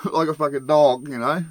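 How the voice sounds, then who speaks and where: With a mid-range voice on a dry recording, a podcast host rambles through an extended work anecdote. He curses constantly, laughs frequently, and mimics the shouting of people he used to work with.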